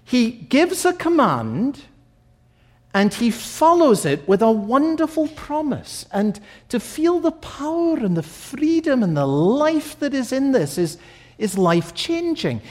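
A man preaching a sermon, slow and emphatic, repeating key phrases for weight. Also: very high voice, very animated.

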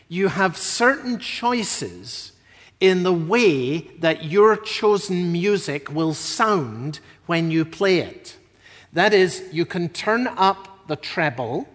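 A man preaching a sermon in a slow, measured way, rising to emphatic peaks now and then. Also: high voice, fairly bright tone. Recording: long reverb of a large hall.

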